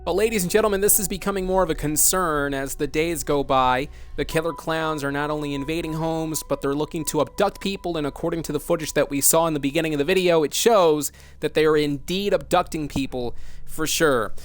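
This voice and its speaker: Male news announcer, emphatic and urgent, slightly high voice. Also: brisk. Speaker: broadcast announcer. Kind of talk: scripted dramatic news report.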